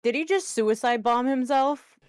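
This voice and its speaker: A woman's voice: high voice, unhurried, clean tone, no echo, studio quality. A woman playing a tabletop game, joking crudely and laughing often. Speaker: player. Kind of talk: casual tabletop game play.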